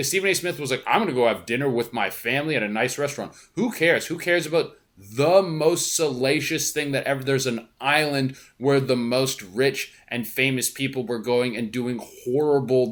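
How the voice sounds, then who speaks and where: A young man hosting a podcast alone, talking casually in a rambling, profane, animated way from a hotel room. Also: mid-range voice. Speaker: podcast host. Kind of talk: casual monologue.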